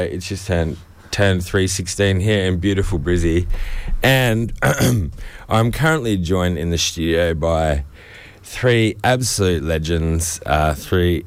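Australian male radio host, deep voice, slow laid-back delivery. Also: dry recording. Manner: slow, rambling, frequent ums and throat clearing. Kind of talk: casual radio back-announcing. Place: radio studio. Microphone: studio microphone.

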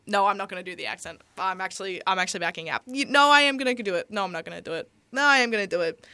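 A woman's voice: mid-range voice, quick pace, pushed and bright, clear, resonant tone, dry recording. A young woman hosting a community radio show, talking in a rambling, giggly way full of "like". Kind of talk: casual radio chat.

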